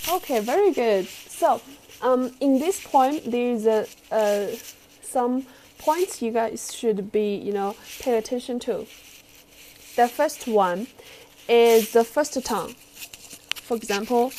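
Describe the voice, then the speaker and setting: A woman with a Chinese accent teaching a class, speaking slowly and patiently as she models tones and has students repeat after her. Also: on the high side, expressive, darkish tone, slight background noise. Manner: slow, patient, careful tone modelling.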